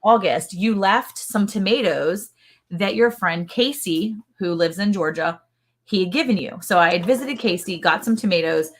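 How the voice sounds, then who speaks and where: A woman hosting a casual livestream chat, telling stories in a chatty, animated way. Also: mid-range voice, normal speed. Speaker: podcast host.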